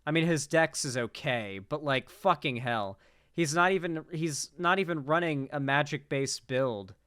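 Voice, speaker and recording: A man's voice: on the high side, unhurried, bright, forceful tone, clear, resonant tone, dry recording, studio quality. A young man giving casual, profane, incredulous reaction commentary on a political clip.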